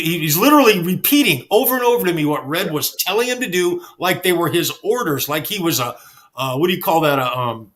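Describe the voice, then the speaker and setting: A man telling backstage stories in a casual chat, animated and swearing freely. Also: on the high side, fairly quick. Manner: animated, acts out quoted dialogue, swears freely. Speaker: guest storyteller.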